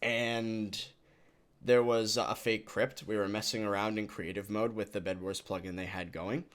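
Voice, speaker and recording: A man's voice: lowish voice, level tone, moderate pace, fairly bright tone. A young man hosting a voice chat, talking casually with frequent laughs and loose restarts.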